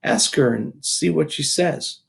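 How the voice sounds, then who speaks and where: A man voicing a gentle, genteel elderly woman librarian. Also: a little high, measured pace, vocal fry, pitched above the performer's own voice.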